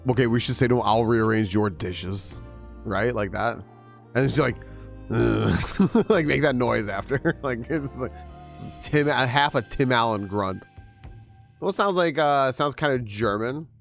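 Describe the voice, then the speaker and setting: A man's voice: mid-range voice, normal speed, creaky, a bit bright. Young guy streaming, chatty and laughing a lot, music faint underneath. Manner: chatty, laughing, greeting chat. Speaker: game streamer. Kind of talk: casual live-stream chat.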